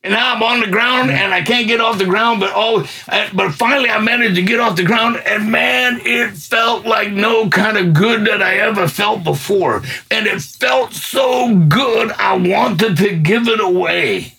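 Gravelly, high-voiced middle-aged man testifying. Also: unhurried, hardly any pauses. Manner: colloquial, excitable, swells into fervent near-shouting. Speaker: guest giving a testimony. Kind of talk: personal faith testimony, storytelling.

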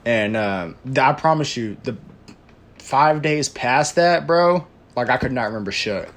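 A man's voice: mid-range voice, animated, measured pace, fairly bright tone. A young man casually telling a personal story, full of slang, swearing and "bro", rambling with fillers. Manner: slangy, profane, says "bro" constantly.

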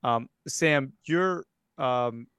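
A man's voice: medium pitch, extremely slow, fairly bright tone, smooth, no echo, studio quality. A man running a tabletop game as game master, narrating scenes in a rambling way with many fillers. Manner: rambling, filler-heavy storytelling.

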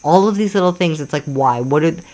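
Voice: medium pitch, quick pace, darkish tone. Emphatic, opinionated podcast co-host. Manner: emphatic, many "like" fillers, acts out quoted voices. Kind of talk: casual opinionated chat.

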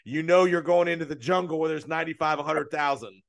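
Male sports-radio host, gravelly voice, fairly high pitch, loose and chatty delivery. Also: fast. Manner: chatty, loose phrasing, restarts often. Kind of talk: radio talk show interview.

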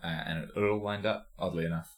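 A man's voice: low-pitched, fairly even intonation, fast. A man co-hosting a podcast in casual chat, joking, rambling and laughing often. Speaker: podcast co-host.

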